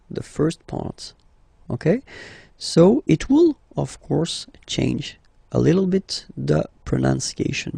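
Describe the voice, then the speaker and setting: A man's voice: mid-range voice, vocal fry, mellow, slightly rough, dry recording. A man teaching a language lesson, patiently drawing out example words and checking in with "okay?". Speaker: French teacher. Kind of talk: language lesson explaining pronunciation.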